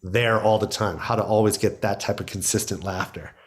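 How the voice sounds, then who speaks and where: Lively man telling comedy stories. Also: on the low side, fairly quick. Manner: excited storyteller, acts out quotes, laughs often. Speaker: guest, stand-up comedian. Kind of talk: animated storytelling in casual chat.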